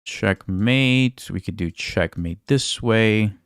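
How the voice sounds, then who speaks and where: Low-pitched male chess coach, voice going hoarse; easygoing play-by-play, dry close mic. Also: slow, no room sound. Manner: relaxed, thinks aloud, asks viewers questions. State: hoarse, losing his voice, coughing. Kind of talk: casual live game commentary.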